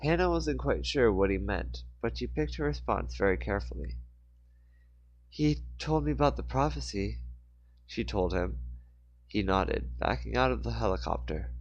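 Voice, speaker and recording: A man's voice: fairly low pitch, lively intonation, moderate pace, creaky, lo-fi sound. A man reading a novel aloud informally, sometimes stumbling and correcting himself. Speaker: audiobook reader. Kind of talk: casual book reading aloud.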